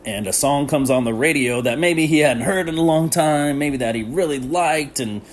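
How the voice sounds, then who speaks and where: A man's voice: a little high, normal speed, a little hiss or hum. A man hosting a casual solo podcast, rambling and laughing often as he talks with lots of slang. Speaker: podcast host.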